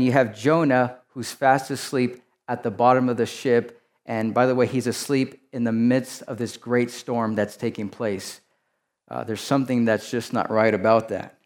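A male pastor preaching a sermon. He talks to the congregation conversationally and often turns to them with rhetorical asides. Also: medium pitch.

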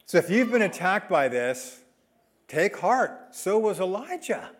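A man preaching a sermon as a pastor, emphatic, swinging between loud and soft delivery. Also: sits high, very animated, measured pace.

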